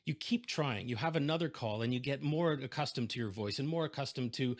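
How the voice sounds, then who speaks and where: A man with a medium-pitched voice speaks briskly, giving a keynote talk by video call from home through a desk microphone. He narrates a story with animation and performs the voices of its characters.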